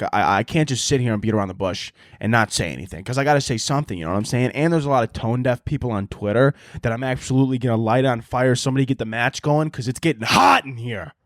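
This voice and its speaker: A man's voice: mid-range voice, dry recording, studio quality. A young man hosting a solo comedy podcast, ranting with lots of swearing. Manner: profane, animated ranting with mocking impressions. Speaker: podcast host.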